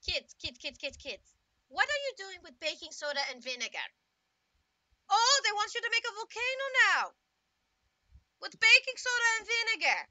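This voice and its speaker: Woman playing a rowdy one-eyed explosives dad, high and loud, scolds the kids but loves the chaos. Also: big pitch swings, moderate pace, long pauses, dry recording, heavily acted. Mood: exasperated. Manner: high, loud, scolding kids yet proud of their mischief. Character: boisterous one-eyed Scottish demolitions dad.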